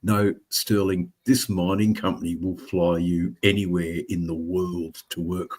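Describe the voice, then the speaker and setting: A man's voice: deep voice, level tone, unhurried, darkish tone. A middle-aged Australian man co-hosting a casual livestream chat, rambling with lots of restarts and fillers. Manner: rambling, hesitant, full of restarts. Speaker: livestream co-host.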